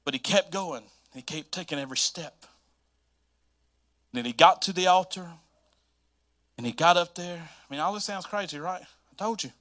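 A Southern-accented man preaches as a pastor, telling his story with animated energy and repeating key phrases. His voice sits high and sounds bright. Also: normal speed, pauses often. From North Carolina, US. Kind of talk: sermon.

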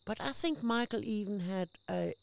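A woman, a guest actress, telling lively anecdotes in casual conversation and acting out the people she quotes. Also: medium pitch, moderate pace, creaky. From Australia. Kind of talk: casual chat.

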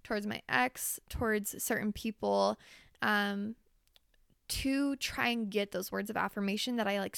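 A woman's voice: medium pitch, gravelly, fairly bright tone, no room sound, clean studio sound. A woman hosting a podcast, talking candidly and confessionally in a chatty way and swearing casually. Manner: chatty, with frequent fillers. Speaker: podcast host. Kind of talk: casual solo podcast monologue.

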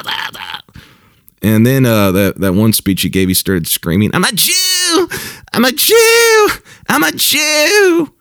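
Man, pastor, casual commentary, very low voice, repeats and restarts, dry recording. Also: no room sound. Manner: halting and repetitive, with chuckles and mocking mimicry.

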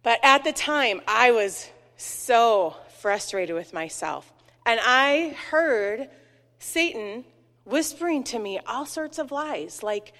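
A woman in her forties leads the children's message, her voice sitting a little high. She talks in a lively way, keeps asking the kids questions, and the sanctuary's long reverb rings behind her. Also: takes it slowly. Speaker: children's message leader in church. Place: church sanctuary.

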